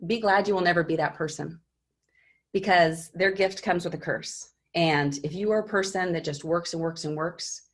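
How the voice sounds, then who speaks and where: A woman's voice: lowish voice, unhurried. A middle-aged woman teacher giving her class an earnest, encouraging pep talk through a personal story. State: teary.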